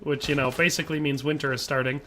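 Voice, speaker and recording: A man's voice: medium pitch, flat delivery, quick pace, bright, forceful tone, slight background noise. A man, chatting casually and rambling with jokes while streaming a game and reading chat aloud. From Wisconsin, USA.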